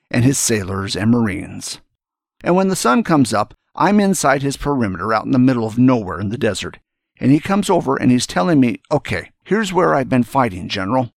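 A man's voice: mid-range voice, no room sound. Older guy, retired general, speaking to students, earnest storyteller, dry close sound. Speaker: retired general giving a speech. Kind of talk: speech to young students.

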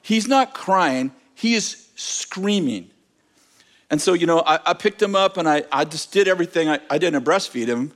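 Middle-aged preacher guy, kinda high voice, tells stories in his sermon, stumbles and restarts, pokes fun at himself. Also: moderate pace. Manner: animated storyteller, self-mocking, repeats words when starting. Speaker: pastor. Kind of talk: sermon with personal story.

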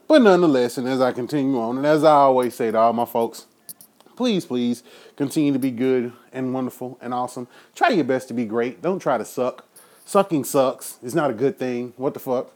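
A man's voice: medium pitch, lively intonation, brisk, a little mellow. Profane ranting man. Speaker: podcast host. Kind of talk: profane political rant.

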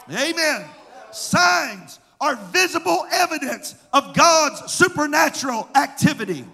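A male pastor preaching a fast, fervent Pentecostal sermon, often shouting scripture. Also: very high voice. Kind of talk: Pentecostal camp-meeting sermon. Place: church hall. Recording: large hall with long reverb, faint crowd.

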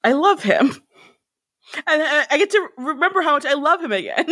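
A woman's voice: high voice, big pitch swings, fairly quick, sharp tone, no room sound, studio quality. A woman co-hosting a casual podcast, joking and giggling as she quotes the characters. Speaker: podcast co-host. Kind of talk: casual rewatch podcast chat.

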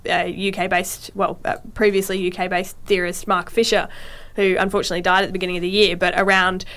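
A woman's voice: lowish voice, flat delivery, quick pace, fairly bright tone. A woman co-hosting a casual discussion, talking thoughtfully with hedges, restarts and many fillers. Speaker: podcast co-host.

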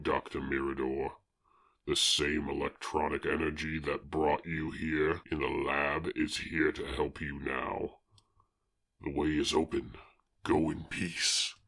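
A man voicing a grave swamp monster hero, speaking in a very deep, rumbling voice with slow, solemn delivery. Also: gravelly, a bit bright, heavily acted.

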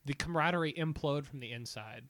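A man co-hosting a podcast in casual chat, laid-back and rambling, often trailing off quietly. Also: a little high, quick pace, dry recording. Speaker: podcast co-host.

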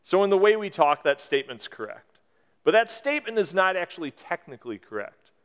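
A man's voice: high-pitched, very animated, a little fast, a bit bright, smooth. A man in his forties preaching a sermon, explaining scripture in a conversational way with emphatic rises. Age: 40s. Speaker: pastor. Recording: long hall reverb.

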